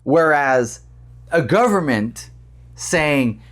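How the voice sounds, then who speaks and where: A man hosting a casual commentary vlog, animated and often repeating words as he argues his point. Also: fairly high pitch, very slow, long pauses. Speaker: vlog host.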